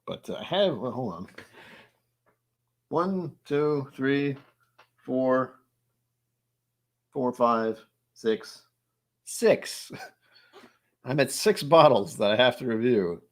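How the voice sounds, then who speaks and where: A man's voice: medium pitch, lively intonation, slow pace, long pauses. A young man hosting a whiskey channel, chatting casually with his viewers in a rambling, self-mocking way. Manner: rambling, self-mocking, reacts aloud to chat. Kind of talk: casual livestream chat.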